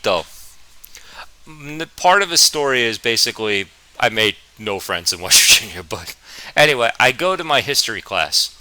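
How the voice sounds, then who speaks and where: A man's voice: mid-range voice, sing-song, pushed and bright, dry recording, low-quality recording. Stammering young man from New Jersey. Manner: stammering, halting, self-deprecating. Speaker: vlogger. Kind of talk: storytime vlog.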